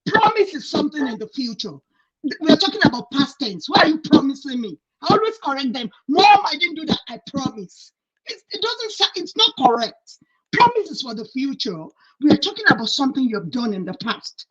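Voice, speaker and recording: A woman's voice: high-pitched, big pitch swings, fairly quick, a bit bright. A Nigerian woman in casual chat, making her point with emphatic, indignant repetition. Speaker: panel guest. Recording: muffled lo-fi audio.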